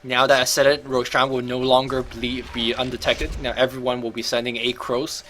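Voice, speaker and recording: A man's voice: medium pitch, little pitch movement, normal speed, a bit bright, slight background noise. A man casually commentating and coaching over a video game match, chatty and thinking aloud, often correcting himself.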